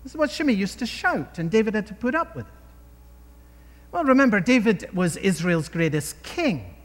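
A man's voice: high-pitched, big pitch swings, normal speed, in a large hall. A man preaching a sermon in an emphatic way, often asking his listeners rhetorical questions.

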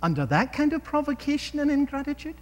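A man's voice: extremely high pitch, sing-song, quick pace, in a large hall. A man preaching a sermon in an emphatic way, often asking his listeners rhetorical questions.

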